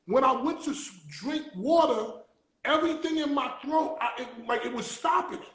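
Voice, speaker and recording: Excitable high-voiced man, roomy echo. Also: moderate pace. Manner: excitable, stammering, animated storytelling. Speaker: interview host. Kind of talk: casual chat.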